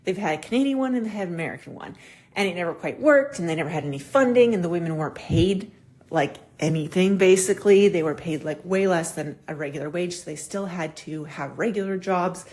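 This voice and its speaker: Lively swearing woman on a casual podcast. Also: on the low side, brisk. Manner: animated, swears freely, acts out quoted dialogue. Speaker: podcast host. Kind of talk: casual solo podcast talk.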